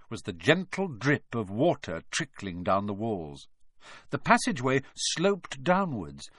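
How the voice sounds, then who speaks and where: A man reading a children's storybook aloud, with expressive, dramatic narration. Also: medium pitch, no room sound, studio quality. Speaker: audiobook narrator.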